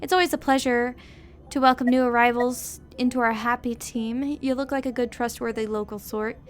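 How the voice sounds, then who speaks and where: A woman's voice: on the high side, steady tone, normal speed, lightly acted. A woman voicing a pompous, smug aristocratic man who lectures a new employee. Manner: grandiose, pompous.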